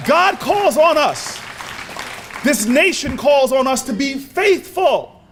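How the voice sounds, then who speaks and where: A man giving an impassioned, preacher-style speech at a convention, telling stories with repeated words and building to shouts. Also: very high voice, animated, slow pace, some chatter behind, a little hiss or hum. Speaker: speaker at a convention. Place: large convention hall.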